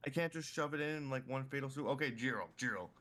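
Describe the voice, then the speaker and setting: A man playing in a tabletop game, protesting loudly and swearing in character. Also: medium pitch, fast talker. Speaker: player. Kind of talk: tabletop role-play.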